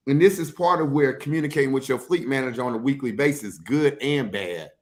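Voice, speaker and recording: A man's voice: medium pitch, fairly quick. A man hosting a casual podcast for truck drivers, reading out viewer comments in a blunt, teasing way. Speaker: CDL instructor, podcast host.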